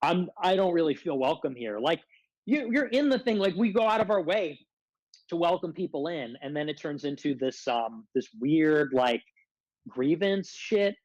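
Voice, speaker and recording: A man's voice: a little high, animated, unhurried, a little mellow, no room sound, low-quality recording. Rambling, aggrieved man on a dry mic. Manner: rambling aggrieved rant, heavy use of filler "like". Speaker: podcast guest. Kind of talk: casual podcast conversation.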